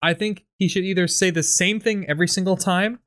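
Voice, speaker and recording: A man's voice: high voice, fairly even intonation, a little fast, a bit bright. A man in casual chat about a comedy sketch, rambling with many filler words and acting out lines. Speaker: comedy writing partner.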